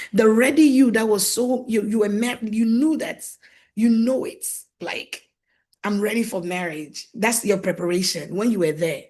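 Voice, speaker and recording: An animated woman delivers a faith-based coaching talk to her viewers. She laughs easily, slips into playful quoted voices, and repeats key lines for emphasis, at an ordinary middle pitch for a woman. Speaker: marriage coach. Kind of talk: faith-based teaching monologue.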